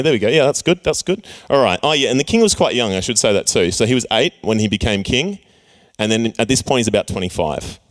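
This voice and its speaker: Playful young male preacher. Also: medium pitch. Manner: playful, acts out characters with jokey voices. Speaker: youth pastor. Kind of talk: casual sermon with slides.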